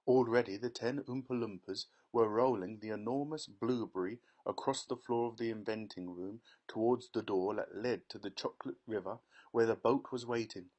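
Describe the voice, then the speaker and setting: A man reading a children's novel aloud as an audiobook narrator, in measured storytelling. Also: fairly low pitch, a little mellow.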